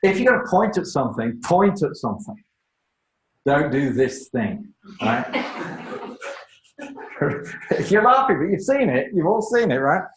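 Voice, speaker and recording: A man giving a lively, emphatic lecture on public speaking, with joking asides to the audience. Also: fairly high pitch, slow pace, pauses often, roomy sound, a little hiss or hum, low-quality recording. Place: lecture room.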